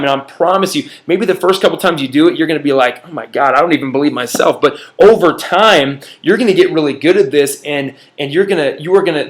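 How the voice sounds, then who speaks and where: Emphatic young man coaching viewers. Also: a little high. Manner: earnest, emphatic, speaks straight to viewers. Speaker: business trainer. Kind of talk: motivational teaching talk.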